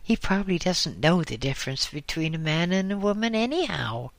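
A man reading aloud and voicing a sour, dismissive young man with a somewhat high voice. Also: sing-song, brisk, creaky, a bit bright, no echo, heavily acted.

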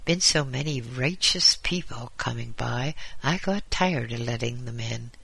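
A man's voice: mid-range voice, a little slow, creaky, sharp tone, slightly rough, full character voice. A man voicing a genial, teasing old male angel who keeps the gates, folksy and chuckling, in a storybook reading.

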